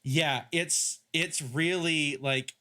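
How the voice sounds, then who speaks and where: A man's voice: fairly high pitch, steady tone, drawn-out words, bright, forceful tone. A man in casual podcast chat, rambling through joking riffs.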